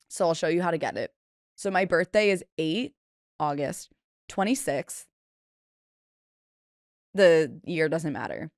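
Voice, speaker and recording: A woman's voice: sits low, dry recording, studio quality. A woman in her twenties hosting a solo podcast, telling stories in a chatty, self-deprecating way and acting out the people she quotes. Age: 20s. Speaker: podcast host. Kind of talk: casual solo podcast storytelling.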